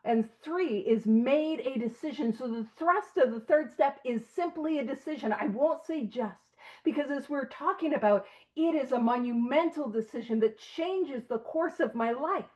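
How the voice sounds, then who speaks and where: A woman's voice: sits high, moderate pace, mellow, low-quality recording. A woman leading an online recovery study, talking earnestly and with emphasis, sometimes breaking off with a light aside. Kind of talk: conversational study talk. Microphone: video call.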